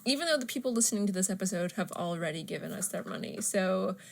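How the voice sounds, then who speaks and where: A woman's voice: mid-range voice, expressive, quick pace, creaky, slight background noise. A woman co-hosting a casual podcast, teasing her partner and laughing easily. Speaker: podcast co-host.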